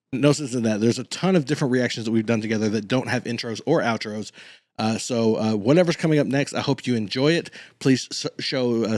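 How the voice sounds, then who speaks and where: A man's voice: on the low side, dry recording, studio quality. A man hosting a reaction channel, chatting casually with plenty of fillers and restarts. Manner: rambling, filler-heavy talk. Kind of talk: casual chat.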